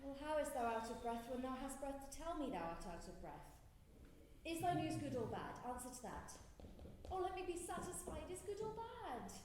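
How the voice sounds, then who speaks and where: A woman's voice: high-pitched, very animated, normal speed, darkish tone, a little hiss or hum. An actress playing an eager, impatient young girl in love, pleading on a theatre stage. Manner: pleading, urgent stage delivery. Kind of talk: live stage acting. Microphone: distant room mic. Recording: echoey theatre from far off.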